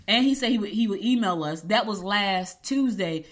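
A woman's voice: medium pitch, moderate pace, hardly any pauses. A middle-aged woman, telling a story to her viewers in a casual, emphatic way and acting out what people said. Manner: animated, emphatic, acts out quotes. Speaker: vlogger.

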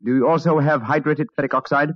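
An actor playing a clipped, precise detective in an old radio drama. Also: male voice, on the high side, fairly even intonation, quick pace, no echo, natural voice. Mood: incisive. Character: brisk, incisive detective Sherlock Holmes, man. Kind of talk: 1940s radio acting. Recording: dull dry old radio broadcast.

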